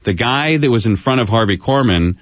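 A middle-aged man hosting a radio talk show, telling lively track stories and acting out the people in them. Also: mid-range voice, fairly quick, no room sound. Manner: animated storyteller, acts out quoted voices. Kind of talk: casual storytelling chat. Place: radio studio. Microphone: studio mic.

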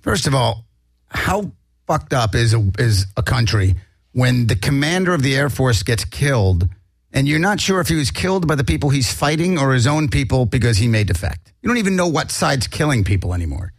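A man's voice: medium pitch, very animated, brisk, dry recording. A man in a casual commentary chat, blunt and sarcastic, cursing freely.

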